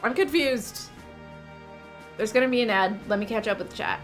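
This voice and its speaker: A young woman streamer commenting on a game she is playing, excitable and jokey. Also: on the high side, moderate pace, faint music behind. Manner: excitable, giggly, jokey reactions. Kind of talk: live gameplay commentary.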